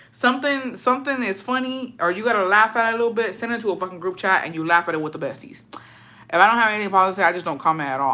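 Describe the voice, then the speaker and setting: A woman's voice: medium pitch, sharp tone. A woman host chatting casually and reading viewer stories aloud, slangy and swearing freely. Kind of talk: casual chat and story reading.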